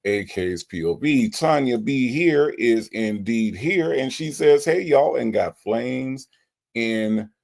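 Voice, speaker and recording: Lively-voiced man reading out a stream chat. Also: medium pitch, creaky. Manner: greets viewers one by one and reads their chat comments aloud; drawn-out, sing-song greetings that swing up and down. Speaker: livestream host. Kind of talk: casual livestream chat reading.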